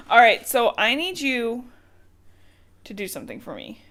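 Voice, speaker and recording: A woman's voice: on the high side, huge pitch swings, slow, a bit bright. A woman co-hosting a podcast, chatting casually about a book in a teasing way and laughing often. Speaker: podcast co-host.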